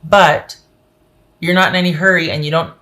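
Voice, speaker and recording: A woman's voice: on the low side, steady tone, moderate pace, fairly bright tone. A woman giving a casual tarot reading to camera, emphatic and opinionated as she speaks straight to the viewer. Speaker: tarot reader.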